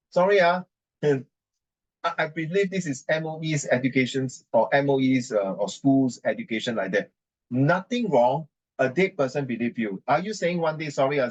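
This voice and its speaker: A man's voice: medium pitch, expressive, brisk, highs cut off. A man with a Singaporean English accent ranting indignantly in conversation, emphatic and repetitive, slipping into Mandarin and Singlish. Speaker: adult giving writing advice.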